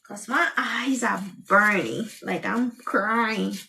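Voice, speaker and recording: A woman's voice: medium pitch, slow, vocal fry, bright, forceful tone, far from the mic. A woman from Liberia chatting casually while cooking, teary-eyed and sighing from cutting onions as she greets viewers. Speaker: cooking channel host.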